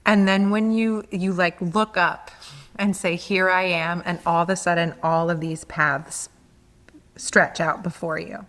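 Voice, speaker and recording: A woman's voice: on the low side, flat delivery, a little slow, fairly bright tone, in a large hall. A woman co-hosting a reflective podcast, searching for words as she reflects. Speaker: podcast co-host. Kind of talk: reflective conversation.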